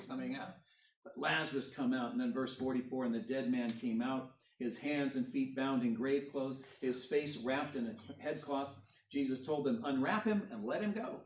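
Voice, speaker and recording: A man's voice: mid-range voice, a little mellow, slight background noise. Preaching man in an echoey hall. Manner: reads scripture aloud then explains it, rising emphasis on key points. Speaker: pastor. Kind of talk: sermon. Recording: roomy echo, voice from far off the mic.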